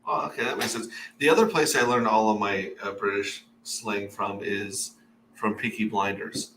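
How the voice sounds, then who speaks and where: A man's voice: fairly low pitch, moderate pace, noisy background. A man hosting a casual livestream, rambling and reading viewer comments aloud. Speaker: livestream host. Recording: echoey room, mic at a distance.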